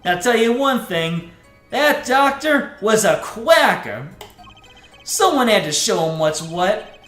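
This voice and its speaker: A man voicing a brash young male street-tough defendant who talks with slangy swagger, pitched higher than his own voice. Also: very animated, takes it slowly, fairly bright tone, reverberant, faint music behind, heavily acted. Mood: boastful.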